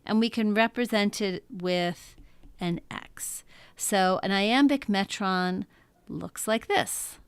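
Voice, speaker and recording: A woman teaching a lesson in a patient, explanatory way, often pausing to check in with her listeners. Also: medium pitch, smooth, no room sound. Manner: patient, explanatory, frequent "um" and "okay?" check-ins. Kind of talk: classroom lecture.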